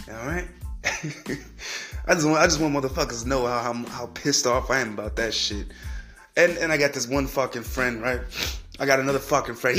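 A young podcast host with a mid-range, slightly bright voice delivers a profane solo rant at his friends. He's angry, swears constantly, stumbles over repeated words and mocks them in a whiny voice.

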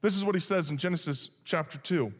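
Animated pastor in a reverberant hall. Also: male voice, on the high side, quick pace. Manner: animated, joking, shifts into acted voices for characters. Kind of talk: sermon with humorous storytelling.

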